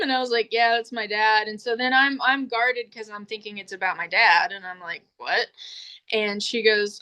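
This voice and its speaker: A young woman hosts a podcast, chatting casually as she tells a story, voicing the people she quotes and laughing often. Her voice is a little high and her pace moderate.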